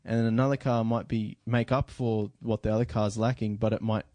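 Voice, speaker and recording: A man's voice: on the low side, little pitch movement, fairly quick, a little mellow, dry recording. A young man guesting on a casual podcast, chatty and telling stories with a laugh. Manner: chatty storyteller, laughs easily. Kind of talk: casual chat.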